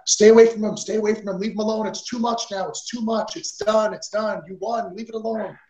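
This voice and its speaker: A man imitating a frantic female wrestling fan in a high, strained voice, in a roomy recording. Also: fairly even intonation, brisk, warm tone, close to an everyday voice. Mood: pleading. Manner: high-pitched pleading and shrieking.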